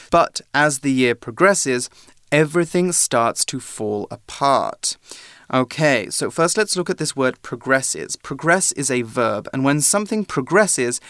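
A patient male English teacher, smooth voice. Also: medium pitch, expressive, measured pace, a bit bright, no echo, studio quality. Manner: patient, clear explanations with examples. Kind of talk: explaining vocabulary on a language-learning show.

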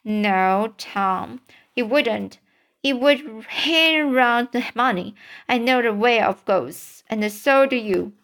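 A woman voicing Huck, a timid and superstitious boy, read in a halting storybook manner. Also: a little high, a bit bright. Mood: worried. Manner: halting reading with restarts.

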